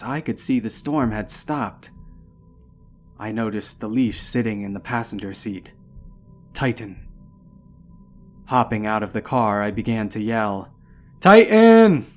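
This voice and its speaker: A man narrating a first-person horror story in a slow, measured, somber way. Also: on the low side. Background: faint background music.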